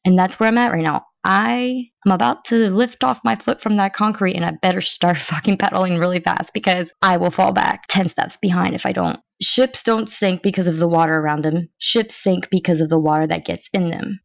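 Young woman with a gravelly voice just talking straight, swears a lot, kinda dull dry mic. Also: mid-range voice, dry recording. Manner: frank, emotional, swears casually. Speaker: podcast host. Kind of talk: candid personal monologue.

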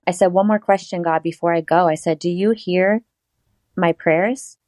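A woman guest tells a long personal story in an interview, her voice on the low side for a woman. She laughs often and acts out her own past words as she goes. The sound is dry and close. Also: fairly even intonation, moderate pace, darkish tone, no echo, low-quality recording.

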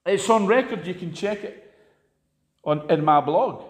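An impassioned male preacher with a high-pitched voice. He delivers a fiery sermon, rising to loud, emphatic peaks and then dropping to hushed asides. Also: lively intonation, unhurried.

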